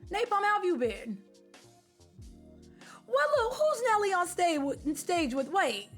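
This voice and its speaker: A woman streamer chatting casually with her live viewers, animated, slangy and opinionated. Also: very high voice, measured pace, soft background music. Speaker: game streamer.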